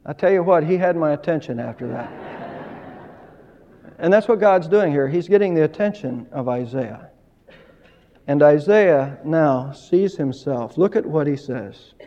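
High-voiced preacher man in an echoing hall. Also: lively intonation, measured pace, warm tone. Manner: emphatic preaching, rising and falling in volume. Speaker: pastor. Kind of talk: sermon. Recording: dull lo-fi sound with long hall reverb.

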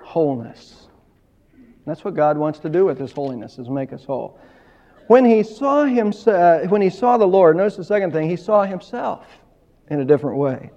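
A man preaching a sermon, his voice high and mellow, swelling emphatically and then dropping low. The sound is dull and lo-fi, with a long reverb trailing through the church hall. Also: animated, moderate pace. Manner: emphatic preaching, rising and falling in volume. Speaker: pastor.

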